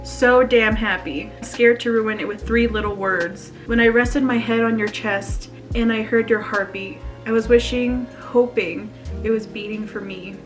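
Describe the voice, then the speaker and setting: A woman's voice: fairly high pitch, steady tone, unhurried, faint music behind. Chatty, emotional young woman vlogger. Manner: emotional, nervous laughter, chatty. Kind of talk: casual confessional vlog, reading a journal aloud.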